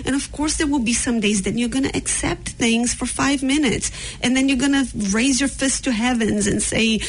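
A woman's voice: high-pitched, moderate pace, low-quality recording. A woman with a Brazilian accent, speaking bluntly and frankly as a podcast guest in a candid conversation. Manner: blunt and frank, mixing in sharp retorts.

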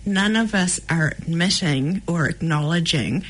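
A New woman co-hosts a podcast in a studio with a low voice. She thinks aloud reflectively and pauses often on fillers. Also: animated, poor audio. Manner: reflective and hesitant, with many fillers. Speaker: podcast co-host. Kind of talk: casual podcast chat.

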